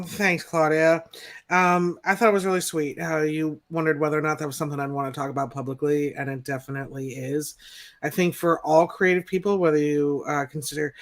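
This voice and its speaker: A woman speaking on a casual panel, earnest and excitable. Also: low-pitched.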